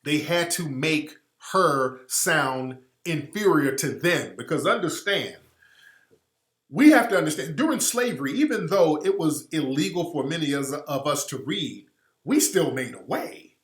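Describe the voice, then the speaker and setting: Emphatic male radio host, lively pitch. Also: unhurried. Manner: emphatic, repetitive, blunt. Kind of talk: impassioned monologue. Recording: roomy echo.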